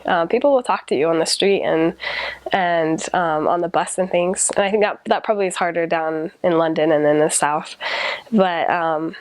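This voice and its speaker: A woman's voice: lowish voice, moderate pace, no echo. A young American woman, a returned missionary, recalling her time abroad in casual chat, with many ums and restarts. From United States. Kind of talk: casual personal recollection.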